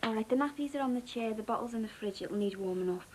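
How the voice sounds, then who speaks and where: An actress playing a young mother, giving hurried, apologetic instructions. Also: a little high, noisy background, lightly acted. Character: young mother leaving in a hurry. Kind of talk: soap opera acting.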